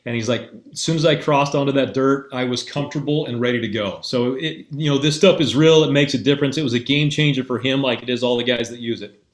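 A man's voice: mid-range voice, fast talker. Man telling a story in an echoey room. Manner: animated, acts out both sides of dialogue. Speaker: mental performance coach. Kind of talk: casual storytelling. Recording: roomy echoey sound.

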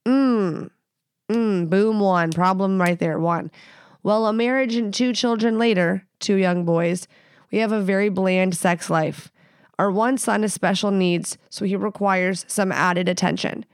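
Young woman podcaster, blunt and cussing, super smooth clear voice, dry close mic. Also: mid-range voice, measured pace, no room sound. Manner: blunt, profane, playful. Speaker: podcast host. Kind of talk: casual sex advice podcast.

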